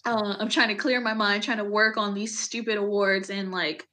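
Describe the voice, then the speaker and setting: A woman's voice: mid-range voice, fairly even intonation, normal speed, pushed and bright, slight background noise. A woman Army veteran in an interview, telling a painful personal story candidly, with many fillers. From United States.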